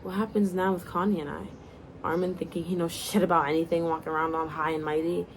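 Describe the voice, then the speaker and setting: Casual woman reader, low gravelly voice, faint hiss behind, telling her own story with asides. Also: flat delivery, fast. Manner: casual, breaks off to laugh and comment. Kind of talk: first-person story reading.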